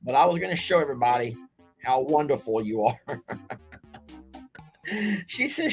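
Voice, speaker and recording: A man's voice: medium pitch, animated, normal speed, long pauses, soft background music. A man hosting a live game night stream, chatting in a folksy way and reading viewer comments aloud. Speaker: livestream game host.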